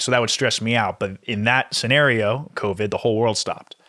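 A man's voice: fairly low pitch, a little fast, few pauses, sharp tone, no room sound, studio quality. A young man co-hosting a podcast, chatting casually and telling laid-back stories with frequent laughs. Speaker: podcast co-host. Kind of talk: casual chat.

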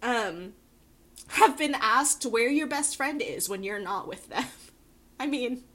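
A woman co-hosting a podcast in casual chat, laughing often and filling pauses with ums. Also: on the high side, expressive, pushed and bright. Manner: giggly, lots of ums and laughs. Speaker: podcast co-host.

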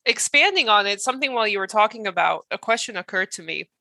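Bright-voiced woman co-host. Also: mid-range voice, expressive, fast, gravelly, dry recording. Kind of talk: casual podcast chat.

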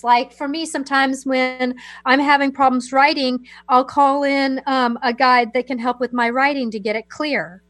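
A woman with a high, light voice gives spiritual advice to a radio caller. She speaks softly and soothingly, wanders through her thoughts and restarts often. The studio sound is close and dry. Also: dry recording. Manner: soothing, meandering, many fillers and restarts. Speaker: psychic guest on a call-in radio show.

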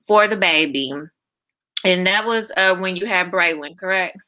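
A woman's voice: medium pitch, fairly quick, sharp tone, no echo. A woman interviewer who prompts her guest and recaps the story back with questions.

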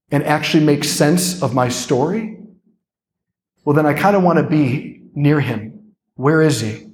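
Priest, young adult man, lively keynote speaker with a slightly high voice, conversational and playful. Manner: animated, conversational, playful asides. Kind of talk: keynote talk.

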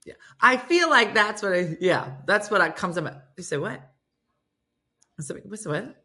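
A woman hosting a casual morning radio show, sassy and quick to laugh as she reads a story aloud and reacts to it. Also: mid-range voice. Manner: sassy, animated, laughs often.

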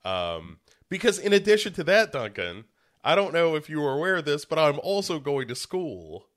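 A man's voice: on the high side, big pitch swings, moderate pace, fairly bright tone. A slightly congested young man chatting casually as a podcast co-host, rambling and joking at his own expense. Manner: rambling, self-mocking, with many restarts. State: a little congested. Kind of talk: casual chat.

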